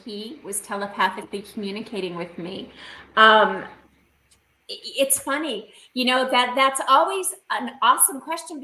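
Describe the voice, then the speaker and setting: A woman's voice: a little high, bright, forceful tone, echoey room, low-quality recording. A woman, a podcast guest, telling a personal story in a casual, emotional way, with many fillers and laughs.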